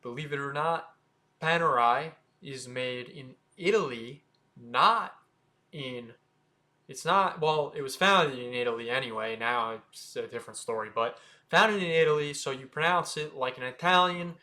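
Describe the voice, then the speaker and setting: An American man hosting a watch channel, casually explaining how to say brand names, sounding them out slowly with offhand asides. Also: mid-range voice, sharp tone. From United States. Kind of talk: casual explainer talking to camera.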